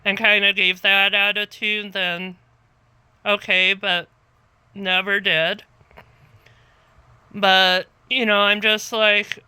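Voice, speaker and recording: A woman telling a story to the camera in a calm, rambling way that circles back and repeats itself. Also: mid-range voice, slow, pauses often, clean tone, dry recording. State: tired, half asleep. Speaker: vlogger.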